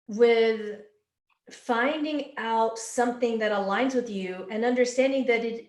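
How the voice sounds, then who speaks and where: A woman working as a psychic medium, relaying channeled answers in a flowing, earnest way and repeating words for emphasis. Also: a little high. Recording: echoey room.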